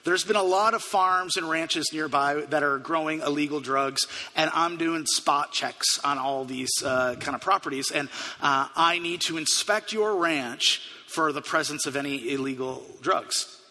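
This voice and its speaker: A man playing a stern, officious male drug agent who speaks slowly and commandingly. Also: on the high side, bright, forceful tone, pitched below the performer's own voice. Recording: long hall reverb.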